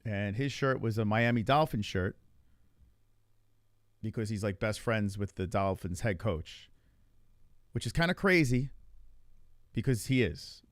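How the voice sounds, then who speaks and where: A man's voice: on the low side, unhurried, pauses often, no room sound, clean studio sound. A male podcast host telling stories in a casual, rambling way and swearing freely. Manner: animated, swears freely, loose rambling retelling. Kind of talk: casual storytelling chat.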